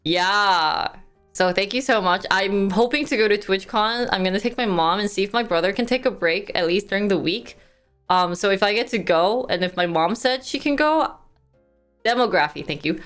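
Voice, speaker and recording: A woman's voice: medium pitch, normal speed, a bit bright, smooth, faint music behind. A woman live streamer chatting casually and reading news aloud. She thanks donors and stumbles over hard words.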